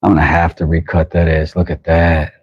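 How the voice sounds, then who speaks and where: Deep husky man chatting on a livestream. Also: level tone, fairly quick, no echo, dull audio. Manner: chatty, greets viewers, reacts aloud to his work. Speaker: livestream host and knifemaker. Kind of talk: casual livestream chat while working. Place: his workshop.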